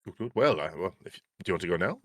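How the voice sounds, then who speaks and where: A man plays in a tabletop game, chatting casually and playfully. His voice sits low but moves around a lot in pitch. The sound is dry and close. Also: very animated, fast, fairly bright tone, breathy edge, no echo. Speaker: player.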